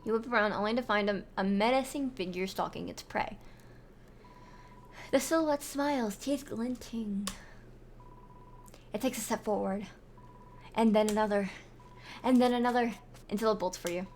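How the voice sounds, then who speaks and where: A woman's voice: medium pitch, moderate pace, long pauses, slight background noise. A young woman streamer reading a visual novel aloud in a storybook narration with small slips. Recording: music playing underneath. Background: background music.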